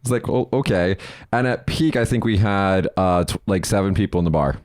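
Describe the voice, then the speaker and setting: Speaking a little fast in a low, slightly mellow voice, a young man from Las Vegas hosts a podcast of casual, rambling talk full of swearing. The sound is studio quality with no echo.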